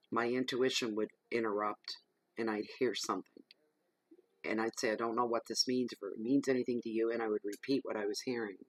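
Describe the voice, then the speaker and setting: A man with a lowish voice chats to camera at home while laying out tarot cards. His talk rambles loosely, and he drops into hushed, murmured invocations. The sound comes through the camera's own mic. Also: no echo, low-quality recording. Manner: chatty and rambling, drifting into soft murmured invocations. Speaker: tarot reader. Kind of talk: casual chat to camera during a tarot reading. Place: at home in the evening. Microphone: camera microphone.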